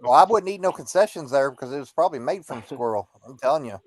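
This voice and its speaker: A man's voice: medium pitch, animated, fast, dry recording. A man co-hosting a podcast, telling folksy stories in casual chat with salty language. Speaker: podcast co-host.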